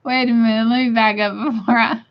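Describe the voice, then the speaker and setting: A woman's voice: on the high side, steady tone, a little fast. A woman hosting a livestream, reading chat comments aloud and laughing often. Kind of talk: casual chat. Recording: dull lo-fi sound.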